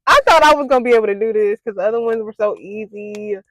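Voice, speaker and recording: A woman's voice: on the high side, quick pace, a bit bright, dry recording. A young woman vlogging to camera, panicky and squealing, with nervous laughs and plenty of "like" and "y'all". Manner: says "like" and "y'all" a lot. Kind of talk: casual to-camera vlog.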